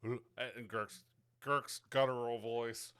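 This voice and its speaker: A man's voice: medium pitch, steady tone, slow, bright, forceful tone, clear, resonant tone. A man with an Irish accent, playing a tabletop game in a hesitant way with many fillers. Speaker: player. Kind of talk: casual tabletop play.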